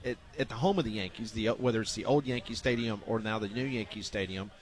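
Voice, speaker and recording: A man hosting a sports talk radio show, reading out scores in a steady, matter-of-fact way. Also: fairly low pitch, fast talker.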